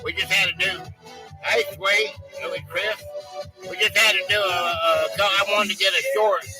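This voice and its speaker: A man's voice: sits high, fairly even intonation, normal speed, over music. A man hosting a live stream, chatting casually and greeting viewers by name.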